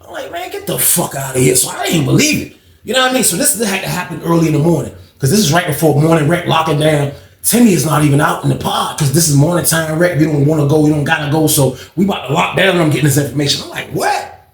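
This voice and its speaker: A man with a gravelly voice telling a story in an animated way and acting out what other people said. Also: fairly high pitch, fast, echoey room, a crowd in the background. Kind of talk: storytime monologue.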